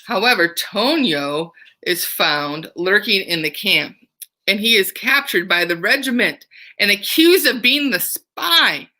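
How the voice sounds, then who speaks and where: A woman's voice: medium pitch, animated, a little slow, pushed and bright. Cheerful young woman teaching kids. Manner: cheerful, playful, enthusiastic. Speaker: camp counselor. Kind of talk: online children's music lesson.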